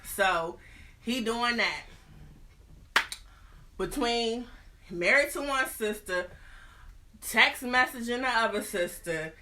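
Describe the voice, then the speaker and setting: A woman host retelling a story in an animated, slangy, comic way. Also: fairly high pitch, slow, pauses often, background noise. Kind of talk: casual storytelling.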